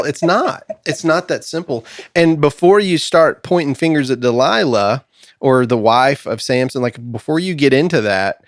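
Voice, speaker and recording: A man's voice: medium pitch, lively intonation, moderate pace, dry recording, studio quality. A man hosting a casual Bible discussion podcast, chatty and laughing often. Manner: chatty, laughs often, puts on a Southern drawl for jokes. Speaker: podcast host. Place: studio.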